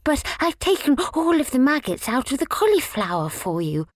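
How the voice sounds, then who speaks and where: A woman's voice: high-pitched, big pitch swings, normal speed, no room sound, clean studio sound, voice pushed up. A woman voicing a shy, timid little male slug in a children's storybook. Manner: timid, soft-spoken.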